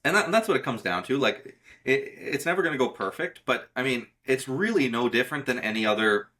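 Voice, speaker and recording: A man with a bright, forceful tone, talking shop as a guest in a casual magic conversation. He is emphatic and insistent and often repeats words to push a point. His pitch sits in the middle of the male range. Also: animated, fairly quick.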